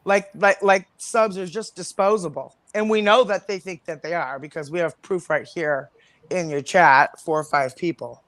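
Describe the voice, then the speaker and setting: A woman's voice: on the low side, moderate pace, no echo. A woman on a livestream panel, delivering an angry, confrontational rant full of swearing.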